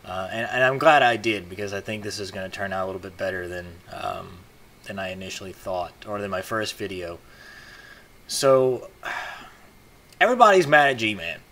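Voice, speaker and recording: A man's voice: lowish voice, moderate pace, pushed and bright. A man talking to camera in a casual monologue, rambling with many fillers and restarts. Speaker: video blogger.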